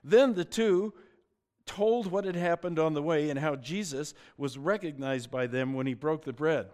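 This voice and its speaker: A man's voice: fairly high pitch, moderate pace, a little mellow. A middle-aged man preaching a sermon, telling the story with joking asides and often restarting his sentences. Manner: frequent stammered restarts. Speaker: pastor.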